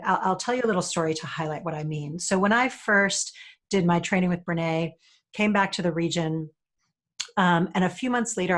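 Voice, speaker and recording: A New woman speaking as a guest, telling a story in an animated way and acting out the people she quotes. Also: lowish voice. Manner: animated, acts out quoted voices. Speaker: guest speaker, leadership facilitator. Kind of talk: storytelling conversation.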